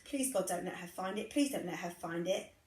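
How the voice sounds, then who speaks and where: A woman's voice: fairly low pitch, a little fast, a little mellow, reverberant, lightly acted. A woman voicing an anxious boy who fears being caught cheating, within a read-aloud story.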